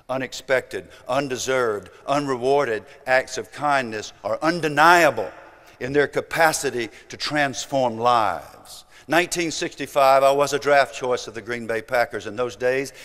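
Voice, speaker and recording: A man in his seventies with a Southern US accent, telling an emphatic motivational story that swings from loud to hushed. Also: medium pitch, unhurried. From American South. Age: 70s. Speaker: speaker. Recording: long hall reverb.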